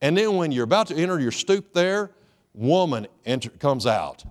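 A man's voice: fairly high pitch, sing-song, moderate pace. A man preaching a sermon in a folksy, joking way, calling for amens. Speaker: pastor.

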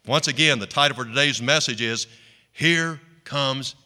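A male pastor preaching a sermon in an animated way, leading the congregation in call-and-response. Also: mid-range voice, fast.

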